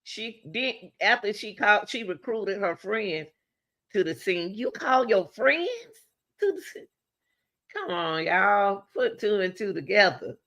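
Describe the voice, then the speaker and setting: Running a little slow, a woman delivers easygoing true-crime commentary straight to the people watching. She asks rhetorical questions and alternates briskly between raised exclamations and dropped-voice asides.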